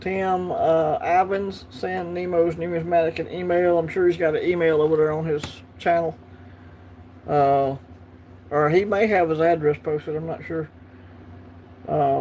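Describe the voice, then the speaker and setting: A faint hiss or hum runs under this fairly high, slightly mellow male voice. The speaker, a livestream host with a Southern US accent, chats comfortably and fields viewer comments as they roll in.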